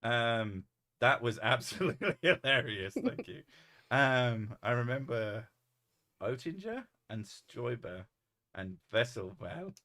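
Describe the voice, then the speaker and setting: A man's voice: mid-range voice, big pitch swings, slow, sharp tone. A man reading chat aloud on a casual livestream, laughing often and swearing freely. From United Kingdom.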